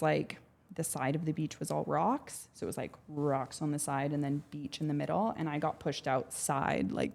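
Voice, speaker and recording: A young Canadian woman appears as a podcast guest, casually telling a story with plenty of filler words and acted-out voices. She has a low voice with vocal fry and a slightly mellow quality.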